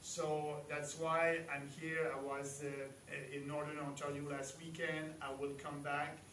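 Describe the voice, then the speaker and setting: A man's voice: on the high side, level tone, fairly bright tone. French-accented man giving a rally speech. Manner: halting, many "uh" pauses, emphatic rises. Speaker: party leader giving a speech. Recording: echoey hall, distant mic, faint noise.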